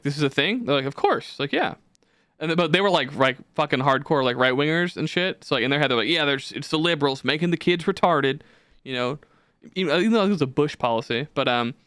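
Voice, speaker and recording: Young male podcast host, slightly high voice, profane and animated, dry close recording. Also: clear, resonant tone, no room sound. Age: young adult. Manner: profane, ranting, animated storytelling. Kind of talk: casual podcast chat.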